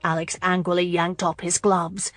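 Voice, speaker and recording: A woman narrating a romance audiobook in a steady, measured way. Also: on the low side, no room sound. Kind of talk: scripted narration.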